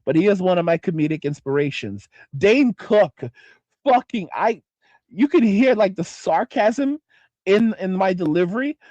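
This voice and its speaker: A man hosting a livestream and reading chat, talking casually in a profane, excitable, rambling way. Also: high-pitched, normal speed, no room sound, lo-fi sound. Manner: profane, excitable, trails off and restarts.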